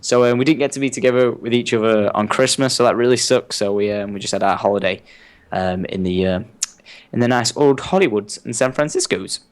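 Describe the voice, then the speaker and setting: A young man, a podcast guest, telling stories in lively casual chat and laughing often. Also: medium pitch, a little fast. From United Kingdom. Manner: animated storyteller who laughs often.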